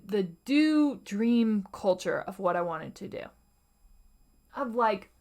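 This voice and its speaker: A woman in her young adult years hosts a motivational podcast on her own, with a fairly high voice. Her delivery is slow and unhurried. She speaks earnestly and acts out inner voices, now and then sinking to a hush. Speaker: podcast host. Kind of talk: motivational solo podcast talk.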